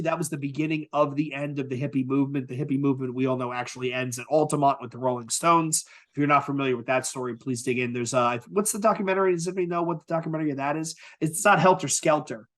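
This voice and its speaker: A man hosting a podcast, talking in an animated, casual way and often asking "right?". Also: on the high side. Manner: animated, asks rhetorical "right?". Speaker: podcast host. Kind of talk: casual chat.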